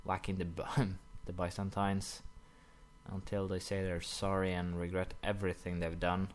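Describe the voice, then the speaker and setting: Young guy chatting over his strategy game, kinda low voice, lots of uh's. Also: monotone, moderate pace, a little hiss or hum. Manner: rambling, many "uh" fillers, apologetic asides. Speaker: gaming commentator. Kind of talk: casual let's-play commentary.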